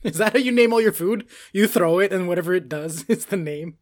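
Man, fairly high voice, animated podcast chat, laughs a lot, swears. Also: a little fast. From New York.

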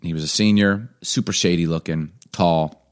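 A man from Chicago, a podcast co-host, telling a story in casual chat, animated and self-mocking, laughing often. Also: deep voice, moderate pace, clear, resonant tone.

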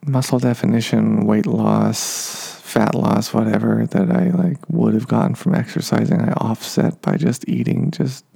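With a mellow, husky, mid-range voice that slips into creak, this man in his thirties meanders through a casual podcast monologue. Fillers and self-mocking asides run throughout as he addresses his listeners.

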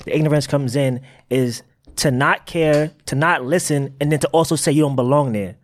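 A man's voice: fairly high pitch, moderate pace. A man co-hosting a podcast in casual chat, who keeps repeating his phrases to press home an argument. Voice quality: insistent, repeats himself while building an argument. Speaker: podcast co-host.

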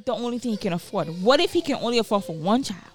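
A young woman co-hosting a podcast in loose, casual chat. Her voice sits a little high and swings widely in pitch. She laughs often and breaks off to restart her sentences. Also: very fast, soft background music. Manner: animated, laughs often, self-interrupting. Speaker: podcast co-host.

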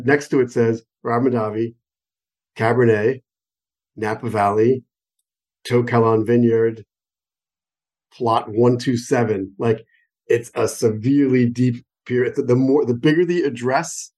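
At a moderate pace, a mid-range and slightly mellow voice with fairly even intonation explains wine. The speaker is an American expert, a phone-call guest, whose conversational interview answers are eager, tangential, and full of examples.

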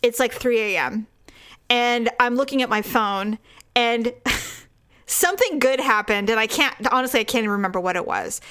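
A woman's voice: a little high, normal speed, fairly bright tone, clean tone. A woman co-hosting a podcast, telling a long, rambling story with frequent laughter in casual chat. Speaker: podcast co-host.

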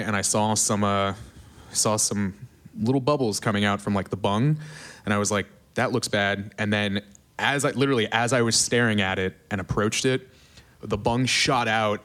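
A man with a fairly low voice rambles through a story in a relaxed podcast chat. He is a brewer, and his talk is loose and packed with likes and ums.

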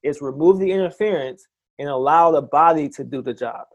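A man with a slightly raised pitch talks as a chiropractor in a relaxed interview. He is eager and quick, with many false starts and restarts. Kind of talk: casual interview.

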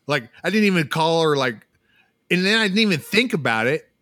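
A loud, crude man riffs through podcast banter and drops "dude" into nearly every sentence. His voice sits high and swings widely. The sound is bright and dry. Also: big pitch swings, brisk, no echo. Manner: profane, says "dude" constantly, brash. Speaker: podcast co-host.

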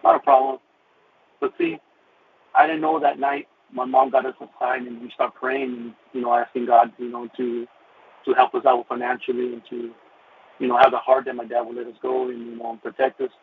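A man telling his personal faith testimony, emotional and halting, with many "you know" fillers, over a phone-like radio line. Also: mid-range voice, flat delivery, a little hiss or hum. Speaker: guest sharing his testimony.

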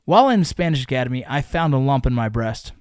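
Profane, animated male storyteller, dry sound. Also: medium pitch, fast, clear, resonant tone, no echo. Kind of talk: casual storytelling.

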